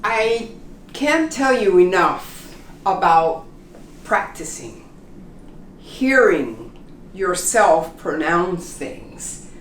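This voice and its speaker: Slow, patient woman teaching pronunciation. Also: on the low side, echoey room, far from the mic, slight background noise. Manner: repeats example phrases slowly, checks in with "okay?". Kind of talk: slow, deliberate classroom instruction.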